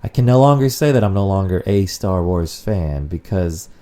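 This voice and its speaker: Low, dark-voiced man rambling on a podcast. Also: normal speed. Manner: rambling, swears casually, animated. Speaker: podcast co-host. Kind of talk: casual podcast chat.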